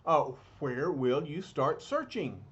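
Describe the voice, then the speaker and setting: A man's voice: on the high side, expressive, slow, highs cut off. A man voicing a chirpy young woman, a superhero partner, in a raised voice. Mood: eager.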